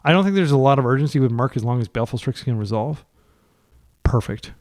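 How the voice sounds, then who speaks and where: Fast-talking and medium-pitched, the channel host chats casually through a match of an online card game. He gets worked up, pleads with his cards, and his voice spikes upward when things frustrate him.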